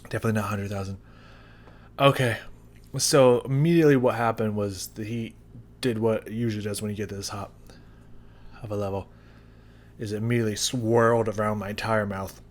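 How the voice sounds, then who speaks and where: A man vlogging a hot sauce tasting to his viewers, talking casually and haltingly as he describes the burn. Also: fairly low pitch, steady tone. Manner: talks through the burn, halting and drawn out. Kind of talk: casual chat to camera. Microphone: new studio mic.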